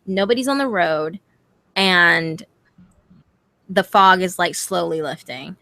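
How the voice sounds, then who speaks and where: A woman's voice: on the low side, slow pace, gravelly, no echo. Swearing young woman telling a scary story. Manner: animated, swearing, quotes friends in voices. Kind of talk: casual storytelling on a live stream.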